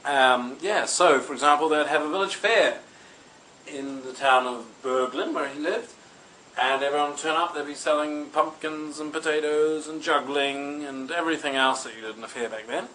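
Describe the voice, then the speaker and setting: A man tells a comic tale in a chatty, rambling way, playful and full of asides. His voice is bright and slightly high. He hosts the show himself. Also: moderate pace, slight background noise, poor audio. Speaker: host. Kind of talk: comic storytelling.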